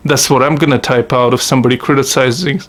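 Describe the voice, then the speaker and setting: A man's voice: medium pitch, fairly even intonation, fast talker, fairly bright tone. A man hosting a comedy video, delivering a satirical monologue as a profane, sarcastic, mock-earnest rant.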